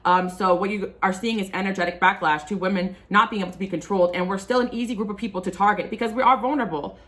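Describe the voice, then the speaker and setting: This tarot reader speaks fast, her medium-pitched voice fairly bright and fairly even in intonation. Addressing her viewers, she gives an impassioned, rambling, casual reading full of fillers.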